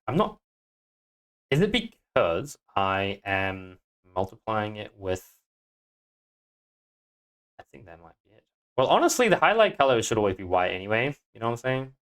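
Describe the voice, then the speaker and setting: Guy live coding on stream w a scottish accent, talking to himself, swearing a lot, mid pitch. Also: normal speed. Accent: Scottish (put on). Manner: mutters to himself, swears, sudden excited outbursts. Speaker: game developer streaming.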